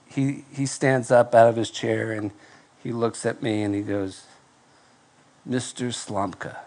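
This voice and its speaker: A male pastor preaching to a live congregation, telling a self-deprecating story in a nasal, fairly monotone voice with halting restarts. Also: medium pitch. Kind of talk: sermon with personal story. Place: church before live congregation.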